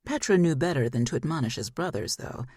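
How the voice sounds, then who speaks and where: A woman's voice: deep voice, animated, fast talker, darkish tone, no echo, clean studio sound. A woman narrating a fantasy audiobook in a scripted style, acting out the characters' lines. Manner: acts out each character's lines.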